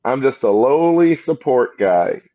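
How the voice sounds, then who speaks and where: On a slightly dull, lo-fi recording, a hungover American man who has just woken up co-hosts a comedy podcast. His mid-range voice is mellow and expressive at a measured pace as he rambles casually and easily.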